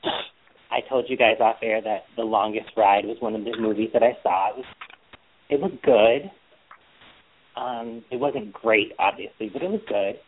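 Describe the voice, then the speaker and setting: A man's voice: fairly low pitch, normal speed, slight background noise. Sassy chatty man on a tinny line. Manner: sassy, chatty, playful teasing. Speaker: podcast co-host. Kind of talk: casual gossipy chat.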